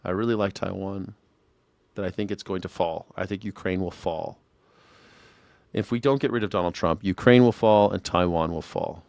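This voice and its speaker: Blunt, sarcastic man with a low voice. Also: normal speed, vocal fry, a little mellow, no room sound. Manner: sarcastic, blunt, swears freely. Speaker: commentator reacting to a hearing clip. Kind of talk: casual profane commentary.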